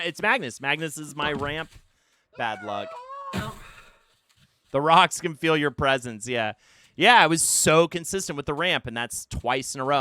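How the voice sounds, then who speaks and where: A man streaming a game live, talking through it with animated, self-mocking banter. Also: mid-range voice, smooth, no room sound. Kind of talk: live gameplay commentary.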